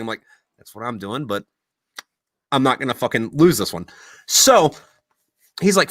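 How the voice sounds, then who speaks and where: A man's voice: fairly high pitch, big pitch swings, normal speed, pauses often, a bit bright, dry recording. A man hosting a podcast, telling rambling stories in casual chat and swearing constantly. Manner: profane, rambling storyteller. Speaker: podcast host.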